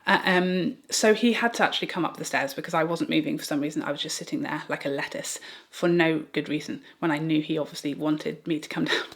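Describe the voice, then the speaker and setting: A woman's voice: deep voice, a little fast, creaky. Chatty British woman telling a story. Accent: British English. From Britain. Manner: rambling, animated retelling with restarts and laughs. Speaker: beauty vlogger. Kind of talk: get-ready-with-me storytime.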